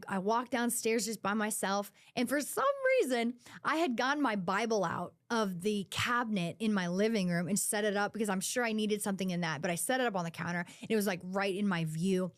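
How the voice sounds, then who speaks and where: A woman's voice: mid-range voice, moderate pace, no room sound, studio quality. A young woman speaking as an interview guest, sharing her testimony in candid, earnest talk full of "like". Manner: earnest, heavy use of "like".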